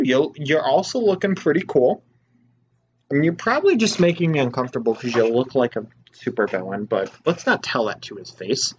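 A man's voice: a little high, expressive, moderate pace, slightly rough, highs cut off. A young man giving let's play commentary in a playful, jokey, mock-exasperated way. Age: young adult. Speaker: gamer.

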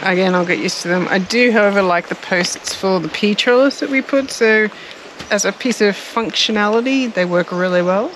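A chatty Australian woman talks about her garden outdoors, laughing now and then and fumbling for words. Her voice sits in a middle range, with clear outdoor noise behind her. The mic is set some way off. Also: mid-range voice, normal speed, fairly bright tone, poor audio. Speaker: co-host of a gardening channel. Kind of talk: casual chat.

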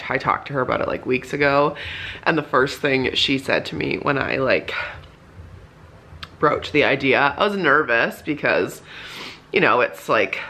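A woman's voice: very deep voice, creaky, bright, forceful tone. A young woman vlogging casually from her home office, chatty and emotional, with lots of "like" fillers. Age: young adult. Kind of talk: casual vlog chat. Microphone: handheld camera.

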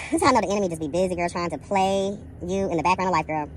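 A woman's voice: on the low side, racing, a little hiss or hum. A woman telling a story as a casual vlog rant, sassy and profane, dramatic, calling the listener "girl" again and again. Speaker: vlogger.

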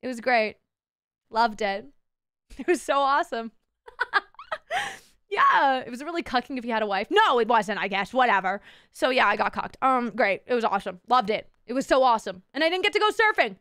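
A young woman with a high voice tells her chat a story, close to the mic in a dry, dead room. She swears freely, laughs often and plays up her own drama with a self-mocking edge. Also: expressive, normal speed, a bit bright, no echo. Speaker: VTuber streamer. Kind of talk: casual storytelling to a live chat.

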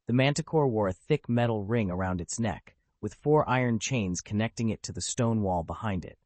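A man's voice: fairly low pitch, moderate pace, darkish tone, dry recording. A man narrating a web novel as an audiobook, telling the story steadily.

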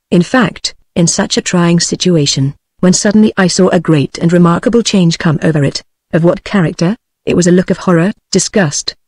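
A woman's voice: on the low side, dry recording, clean studio sound. Synthetic British woman reading a novel aloud. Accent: British English. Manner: even synthetic reading, same voice for all characters. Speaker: audiobook narrator. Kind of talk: text-to-speech book reading.

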